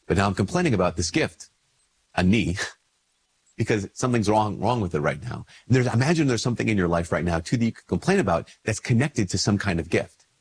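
A man, a priest, talking casually to camera while congested with a cold. He slips into quick little dialogues where his voice lifts. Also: expressive, breathy edge. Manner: conversational, acts out little dialogues with lifted pitch. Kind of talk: casual spoken reflection to camera.

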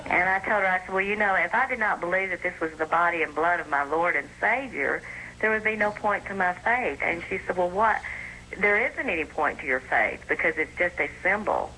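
Woman in her 40s calling in, earnest, bright low-ish voice, tells it step by step. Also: expressive, a little fast, slight background noise, poor audio. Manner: earnest, recounts a dispute step by step. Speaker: caller. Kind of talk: telling her story on call-in radio.

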